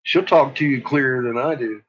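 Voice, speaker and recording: A man's voice: mid-range voice, moderate pace, fairly bright tone, husky, muffled recording. A man chatting in a rambling way about his dogs, chuckling often and cooing at them. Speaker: dog owner vlogger. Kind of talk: casual rambling chat.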